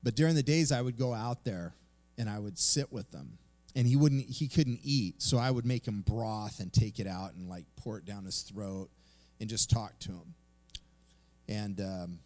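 A man's voice: lowish voice, normal speed, a little mellow. A man preaching a sermon, telling a personal story in a conversational way and then reading scripture aloud. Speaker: pastor.

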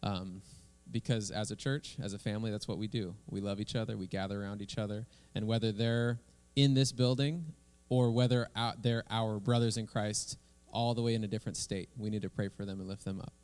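A man, a pastor, leading prayer and preaching a sermon in a relaxed, conversational way. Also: lowish voice, brisk, clear, resonant tone.

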